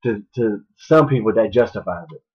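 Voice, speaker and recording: A man's voice: on the low side, lively intonation, normal speed, husky. A man hosting a podcast in casual chat, blunt and profane. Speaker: podcast host. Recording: dull lo-fi podcast audio.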